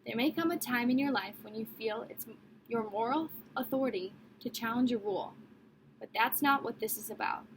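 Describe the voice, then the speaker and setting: A woman's voice: on the high side, brisk, noisy background, lightly acted. A woman voicing a stern, cold middle-aged male prison warden who barks and roars at children. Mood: stern scolding.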